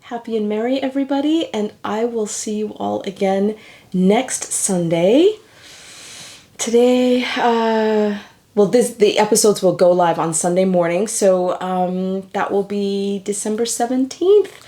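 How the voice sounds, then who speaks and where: Middle-aged woman, knitting vlogger, chatty and sentimental, mid pitch, easy casual delivery. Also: unhurried, dark tone. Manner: chatty, sentimental, laughs easily. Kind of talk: casual chat to camera.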